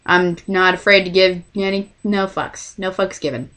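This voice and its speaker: Young woman, casual storytelling, self-mocking, excitable, bright voice. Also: medium pitch, normal speed. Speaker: vlogger.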